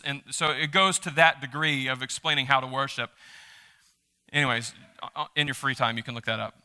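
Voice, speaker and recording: A man preaching a sermon as a pastor, reading scripture aloud with energy and dropping into quiet offhand asides. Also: medium pitch, fairly quick, clean tone. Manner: animated, shifts between loud reading and quiet asides. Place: church sanctuary. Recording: reverberant church hall.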